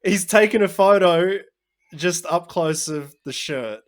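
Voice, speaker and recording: A man's voice: high voice, a little slow. Storytelling male podcast host. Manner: storytelling, animated asides. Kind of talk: casual chat.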